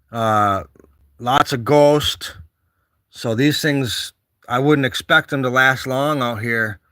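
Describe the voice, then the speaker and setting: A man's voice: mid-range voice, a bit bright, no echo, studio quality. A middle-aged man telling a story casually to the camera and cooing at his pets. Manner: baby talk to pets, storytelling. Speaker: vlogger.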